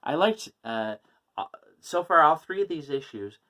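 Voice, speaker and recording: A man's voice: a little high, sing-song, normal speed, pushed and bright. A man casually talking through a comic book issue, rambling with many fillers and small laughs. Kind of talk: casual chat.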